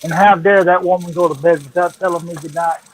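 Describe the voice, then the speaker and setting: High-voiced man joking on a live stream. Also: steady tone, fast talker, a little hiss or hum. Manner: joking, relays viewer comments. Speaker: co-host on the stream. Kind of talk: casual chat.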